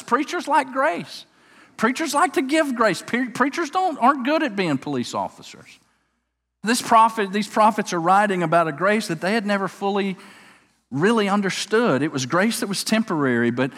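A man preaching a sermon, animated and folksy, repeating words as he tells a story. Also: sits high. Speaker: pastor. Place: church sanctuary. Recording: long hall reverb.

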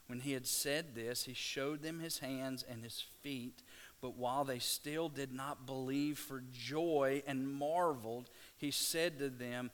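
A middle-aged man preaching a sermon, telling scripture stories with lively restarts and stammers. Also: medium pitch, slow. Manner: animated storytelling, stammering restarts.

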